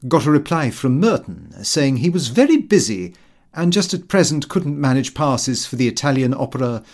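A man reading a comic diary aloud as an audiobook, with expressive, lively delivery. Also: mid-range voice, normal speed. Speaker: audiobook reader. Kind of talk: scripted narration of a comic diary.

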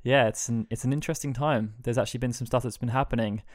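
A man co-hosting a gaming podcast in casual, jokey chat, reading announcements briskly. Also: medium pitch, fairly even intonation, dry recording, studio quality. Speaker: podcast co-host.

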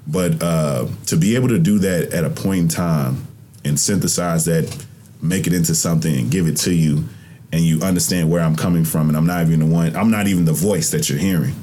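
A man's voice: deep voice, fairly quick, warm tone, a little hiss or hum. A young man hosting a podcast, talking into a microphone in a reflective, rambling, colloquial way. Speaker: podcast host. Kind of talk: casual interview conversation.

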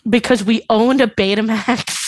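A woman's voice: fairly high pitch, fairly even intonation, unhurried, dry recording. A woman guesting on a podcast as a drag performer, talking in a rambling, chatty way full of fillers and giggles. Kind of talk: casual podcast chat.

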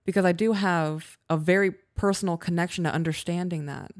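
A woman's voice: on the low side, steady tone, a little fast. A woman co-hosting a podcast, giving frank, conversational relationship advice in casual chat. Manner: frank, conversational, acts out example dialogue. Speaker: podcast co-host.

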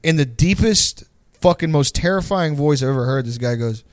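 A man's voice: a little high, animated, normal speed, no room sound. A young man telling stories in a casual chat, rambling and profane, full of "like" and slang. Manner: rambling, profane storytelling with lots of "like". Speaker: podcast co-host.

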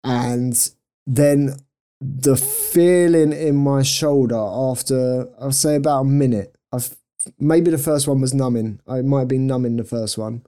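A man's voice: medium pitch, measured pace, warm tone. A young man on a podcast, telling a rambling, self-mocking story in casual chat and laughing often. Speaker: podcast co-host.

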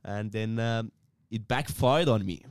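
A man on a casual podcast, talking in halting restarts, saying "mate" and laughing often. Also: on the low side, clean tone, dry recording, studio quality. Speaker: podcast co-host. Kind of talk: casual chat.

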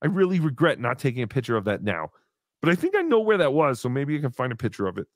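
A man hosting a live show, telling a story in casual chat with animated, exasperated swearing. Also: mid-range voice, fast, no echo, studio quality. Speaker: podcast host.

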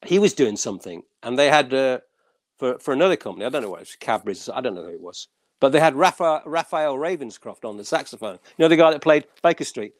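A man, a session musician guest, telling animated stories with many stammered restarts. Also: medium pitch, quick pace, dry recording. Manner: animated storyteller, acts out quoted voices. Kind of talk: casual anecdote telling.

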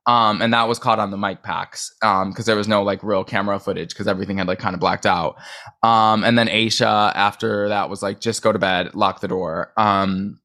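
A man co-hosting a podcast, recapping a reality show in fast, animated casual chat full of filler words. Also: lowish voice. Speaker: podcast co-host.

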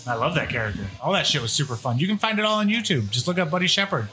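Racing along in a sing-song voice that sits on the high side and sounds sharp, an ex-wrestler guesting on radio chats casually. He swears constantly and laughs through his stories.

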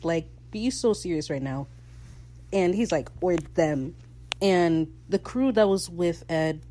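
A woman hosting a casual recap, excitable and gushing, swearing freely and switching into quick quoted voices. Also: on the low side, poor audio. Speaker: podcast host recapping a TV episode.

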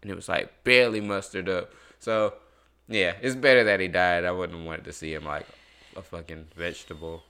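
A young man chatting casually with a friend, relaxed, often laughing and swearing. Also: deep voice, moderate pace, clear, resonant tone. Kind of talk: casual chat.

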